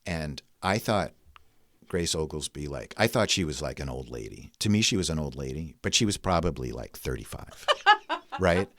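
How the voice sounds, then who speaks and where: A man from New York, low-pitched, tells a rambling personal story in relaxed conversation. He is self-mocking and says "like" all the time. The recording is close and dry. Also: normal speed, no room sound. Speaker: guest storyteller. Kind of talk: casual spoken storytelling.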